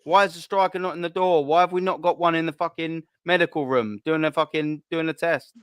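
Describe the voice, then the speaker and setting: A man in full angry rant, swearing hard and hammering the same questions again and again. His voice sits fairly high and the sound is dry and close to the mic. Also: steady tone, fairly quick, fairly bright tone, smooth, no room sound. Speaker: host. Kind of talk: heated fan rant.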